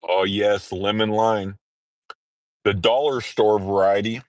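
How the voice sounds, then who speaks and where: A man in trucker training, chatting casually on a morning livestream, congested and rambling, clearing his throat often. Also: on the low side, steady tone, slow, no room sound. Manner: rambling, frequent throat-clearing and filler words.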